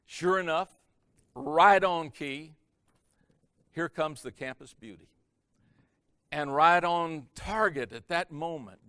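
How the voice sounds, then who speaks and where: A man preaching as a pastor, telling a story in a sermon and swinging his loudness from hushed to loud for effect. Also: on the high side, clean tone, no room sound. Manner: animated, varies loudness for effect. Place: church or conference hall.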